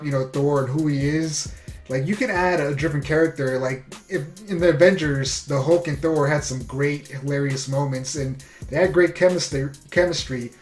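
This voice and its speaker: A man's voice: on the high side, roomy sound. A man giving a casual, enthusiastic movie review, filling his talk with "you know" and "like".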